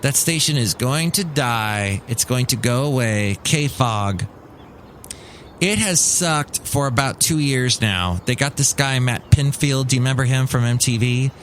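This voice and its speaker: A man's voice: medium pitch, unhurried, slight background noise. A middle-aged man hosting his own podcast in a casual solo monologue, wry and grumbling, slipping into mocking voices. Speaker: podcast host.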